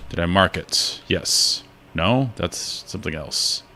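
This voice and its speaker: Low, lively man streaming a game. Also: takes it slowly. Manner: thinking aloud, muttering to himself. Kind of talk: casual gameplay commentary.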